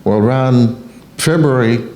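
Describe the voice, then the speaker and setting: A man's voice: mid-range voice, a little slow, a little mellow. A man from Haiti with a Haitian accent, giving an emphatic motivational sermon and repeating key phrases for effect. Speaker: motivational speaker.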